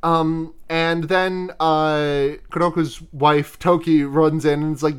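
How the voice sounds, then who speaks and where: A man's voice: fairly high pitch, fairly even intonation, moderate pace, few pauses, smooth. A man hosting a podcast, casually retelling a film's plot, profane and giggly, rambling with restarts. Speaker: podcast host.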